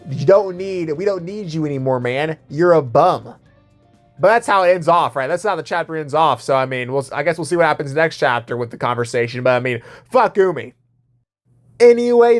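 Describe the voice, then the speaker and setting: A man giving a casual, foul-mouthed manga chapter review, laid-back and full of fillers. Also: a little high. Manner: laid-back, swears often, filler-heavy. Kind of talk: casual profane commentary.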